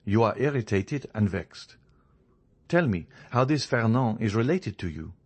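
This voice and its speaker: A man reading a courteous, genial male journalist in a storybook, measured and increasingly firm. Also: fairly low pitch, animated, pitched above the performer's own voice. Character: genial male journalist, friendly yet proud.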